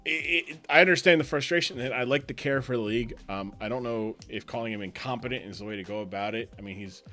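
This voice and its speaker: Hosting a live stream as league commissioner, a man talks fast in a medium-pitched, sharp-toned voice. His banter is loose, he laughs often and trails off mid-sentence, with faint music playing behind him.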